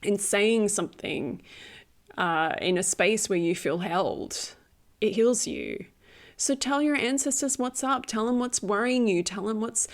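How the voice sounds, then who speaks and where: A woman giving a casual spiritual tarot reading. She is chatty, laughs often, uses many fillers and repeats phrases for emphasis. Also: mid-range voice. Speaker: tarot reader.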